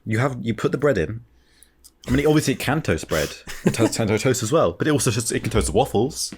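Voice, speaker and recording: A man's voice: mid-range voice, expressive, brisk, slight background noise. A man guesting on a casual podcast, joking around and arguing points in a playful way.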